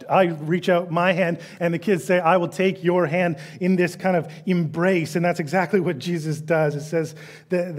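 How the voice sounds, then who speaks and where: A middle-aged man preaching a sermon with a somewhat high voice. He is animated and acts out the people he quotes, swinging from loud emphasis to hushed asides. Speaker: pastor.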